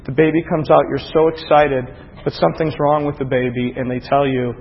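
A man preaching a sermon, moving from quiet storytelling to rising, emphatic preaching. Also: medium pitch, flat delivery, fairly quick, a little hiss or hum. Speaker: pastor. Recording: dull, echoey hall audio.

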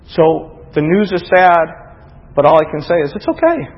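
Husky-voiced man preaching in a hall. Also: fairly high pitch, steady tone, unhurried. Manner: builds from quiet storytelling to rising, emphatic preaching. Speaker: pastor. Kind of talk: sermon. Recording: dull, echoey hall audio.

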